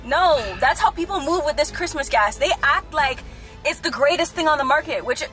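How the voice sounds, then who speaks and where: Young woman, high voice, pleading and whiny, faint music behind. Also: animated, moderate pace, fairly bright tone. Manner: playing ditzy and whiny, pleading. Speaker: vlogger pranking her fiancé. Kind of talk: acted prank phone call and vlog aside.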